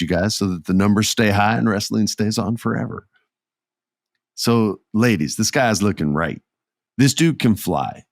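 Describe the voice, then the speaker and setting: A middle-aged man hosting a casual wrestling podcast, telling stories in an animated way and acting out the people in them. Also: lowish voice, no room sound, clean studio sound. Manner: animated storytelling with character voices. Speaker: podcast host.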